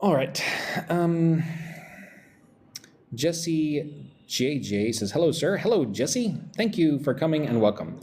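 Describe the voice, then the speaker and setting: A male English teacher hosts a live online lesson at an unhurried pace. His voice rises and falls a great deal as he repeats short phrases for learners to copy. Between examples he greets viewers from the chat. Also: a little high, sing-song, a little mellow. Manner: slow, drills short phrases by repeating them.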